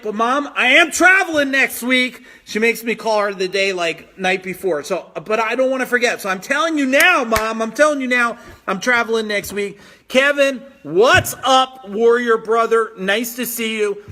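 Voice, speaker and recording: Energetic male business coach, very high, sharp voice, pushy and repetitive, live from home. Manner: energetic, pushy, repeats phrases for emphasis. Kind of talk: motivational live-stream talk reading viewer comments.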